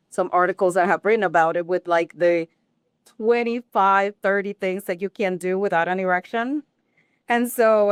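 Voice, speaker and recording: A woman's voice: medium pitch, smooth, dry recording, clean studio sound. A woman co-hosting a talk show, giving frank, direct advice with enthusiasm. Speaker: co-host, sex expert.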